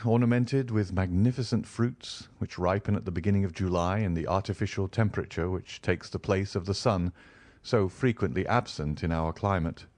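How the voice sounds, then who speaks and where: A man reads a classic novel aloud as an audiobook, telling the story in a measured, even way. It's scripted narration with a lowish voice, recorded in studio quality with no room sound.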